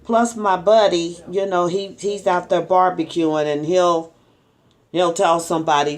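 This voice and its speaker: A middle-aged woman vlogging at home, chatting to her followers in a rambling, story-telling way with ums and soft laughs. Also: fairly low pitch, measured pace. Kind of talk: casual chat to camera.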